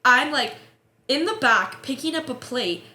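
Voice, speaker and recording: A young American woman in her twenties, a guest telling animated stories and swearing freely in casual podcast chat. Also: sits high, measured pace. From United States. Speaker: guest, childhood best friend. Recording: roomy room echo, faint hiss.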